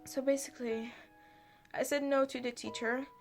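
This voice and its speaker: A young woman telling a painful personal story as a vlogger, halting and anxious, with many fillers and restarts, close to tears. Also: high voice, fairly even intonation, vocal fry, faint music behind. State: upset, on the verge of tears. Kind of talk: emotional storytime monologue.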